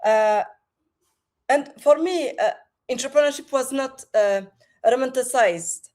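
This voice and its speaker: A woman with a French accent, a podcast guest speaking over a video call, with many pauses and restarts. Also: sits high, darkish tone. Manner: hesitant, many fillers and restarts. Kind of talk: remote interview.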